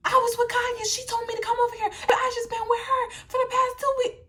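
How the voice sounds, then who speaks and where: Woman doing a panicky teen boyfriend, very high and pleading. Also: level tone, fast, pushed and bright. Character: nervous teenage boyfriend explaining himself.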